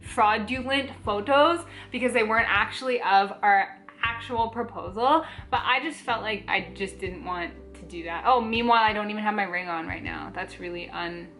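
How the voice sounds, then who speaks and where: A young woman vlogging, telling a personal story to camera in a chatty, animated way, full of "like" fillers. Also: mid-range voice, moderate pace, few pauses, faint music behind.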